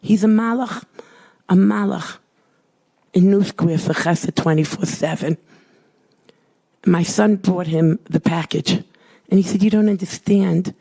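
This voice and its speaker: A woman giving an emotional personal testimony, swinging from loud cries to hushed whispers. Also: lowish voice, takes it slowly, creaky, long pauses, husky. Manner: dramatic, rises to cries and drops to whispers. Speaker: storyteller recounting a hospital ordeal.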